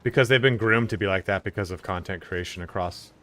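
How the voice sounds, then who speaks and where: A man's voice: low-pitched, fast, fairly bright tone. A man chatting casually and joking crudely while streaming a game, thanking subscribers. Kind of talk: casual live-stream chat while gaming.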